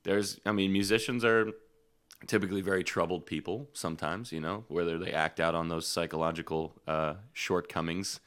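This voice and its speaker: Deep-voiced, blunt, swearing podcast host. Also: male voice, normal speed, clear, resonant tone. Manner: profane, blunt, animated storyteller. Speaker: podcast host and gigging musician. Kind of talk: casual podcast chat and storytelling.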